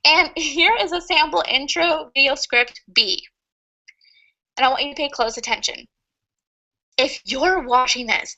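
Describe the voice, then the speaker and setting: Upbeat woman teaching online, chatty, laughs a lot, high bright voice. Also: poor audio. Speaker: online marketing coach. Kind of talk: webinar teaching.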